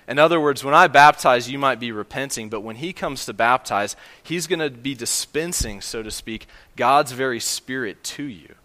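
Emphatic bright-voiced man preaching. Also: medium pitch, moderate pace, big-room sound. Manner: earnest, emphatic, with fillers and restarts. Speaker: pastor. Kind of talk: sermon.

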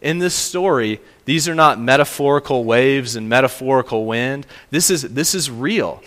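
A man's voice: medium pitch, moderate pace, fairly bright tone, big-room sound. A man preaching a sermon as pastor, earnest and emphatic, repeating phrases for weight.

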